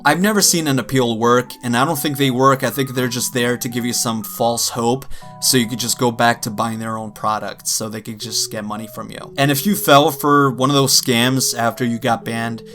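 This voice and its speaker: A man's voice: medium pitch, fairly bright tone. A man speaking casually to his viewers, exasperated and loose, with lots of fillers. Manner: conversational, exasperated, with frequent fillers. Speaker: gaming video creator. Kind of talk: casual rant to camera.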